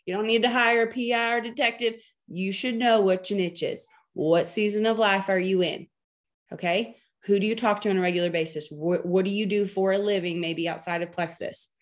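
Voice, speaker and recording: A woman in her thirties coaching her team on a video call, chatty and joking, with frequent emphatic "okay?" check-ins. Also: medium pitch. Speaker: team leader training her sales team. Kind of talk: training talk on a video call.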